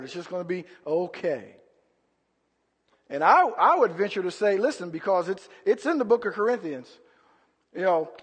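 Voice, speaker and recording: Man, preacher, high voice, impassioned sermon, long hall reverb. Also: breathy edge. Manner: impassioned, swinging between loud outbursts and low murmurs.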